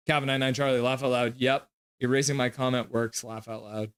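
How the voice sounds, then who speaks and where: A man streaming a live reaction, calling plays and reading chat aloud with excitable, jokey trash talk. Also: mid-range voice, brisk, clear, resonant tone, no room sound.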